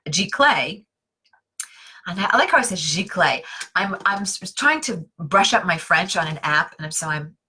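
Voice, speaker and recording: Woman, live-stream design teacher, casual and self-mocking, lower pitch, bright forceful tone. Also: lively intonation, normal speed, a little hiss or hum. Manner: chatty and self-deprecating, with many fillers and asides.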